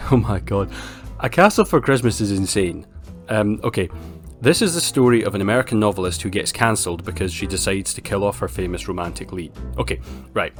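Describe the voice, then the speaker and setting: Scottish guy reviewing films, low voice, blunt and sarky. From Scotland. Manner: wry, blunt and sarcastic. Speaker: film reviewer. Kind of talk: casual film review monologue.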